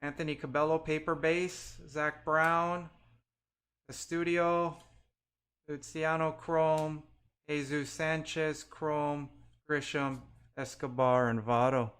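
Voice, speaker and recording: A man's voice: fairly high pitch, level tone, slow, a bit bright. A man hosting a live card break, calling out player names one by one as he opens packs and chatting with viewers. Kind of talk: live-stream pack opening.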